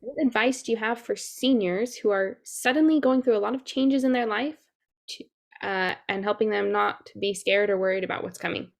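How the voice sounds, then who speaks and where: A woman's voice: medium pitch, moderate pace, gravelly. A young woman moderating a school session, friendly and a bit giggly as she reads the questions. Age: young adult. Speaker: student moderator. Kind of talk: reading audience questions.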